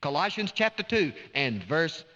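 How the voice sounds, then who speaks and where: A man's voice: fairly high pitch, big pitch swings, normal speed, sharp tone. A man preaching a sermon, fervent and drawn out on key words, recorded in a church. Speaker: pastor. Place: church sanctuary. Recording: dull, reverberant church recording.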